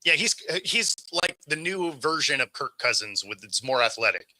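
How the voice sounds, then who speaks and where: A man's voice: mid-range voice, sing-song, pushed and bright, no echo, poor audio. A man co-hosting casual sports talk, agreeing readily and restarting his sentences often. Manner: quick agreeing, stammered restarts.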